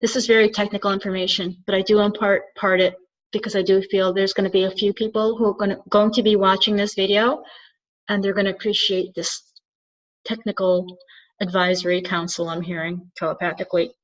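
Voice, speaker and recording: This spiritual channeler and soul coach talks fairly quickly in a mid-range voice that barely shifts in pitch. Alone on camera, she's earnest and thinks out loud, and the audio is dull and lo-fi.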